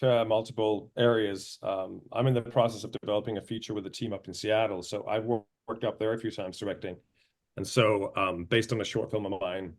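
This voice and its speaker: A man's voice: on the low side, darkish tone. A man who grew up in Denmark, an actor chatting casually and animatedly on a video call interview. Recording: remote video call audio.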